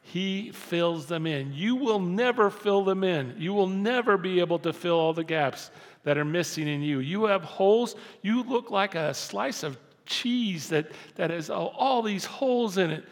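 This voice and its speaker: An older man preaching a sermon as pastor, dropping to soft intimate lows and rising to loud emphatic lines. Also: expressive, measured pace. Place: church sanctuary. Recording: long hall reverb.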